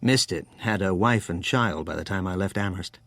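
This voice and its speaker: Narrator as a tired New York wine man in his forties, frank and wry, low and unadorned. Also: normal speed, a bit bright, no echo, studio quality. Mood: weary. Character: weary mid-forties American wine trader.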